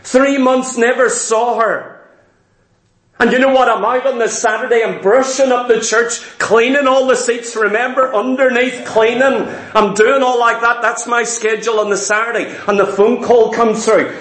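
A high-voiced man preaching, telling a story with repetition and dramatic slowdowns. His voice rings out in an echoey church hall. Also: fairly bright tone. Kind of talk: sermon storytelling.

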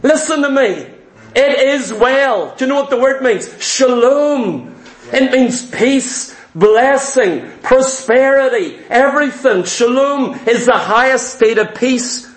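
A male preacher delivers an impassioned sermon full of rhetorical questions and repeated phrases. His voice is very high, and it echoes around a roomy church hall. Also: animated, takes it slowly. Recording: echoey room.

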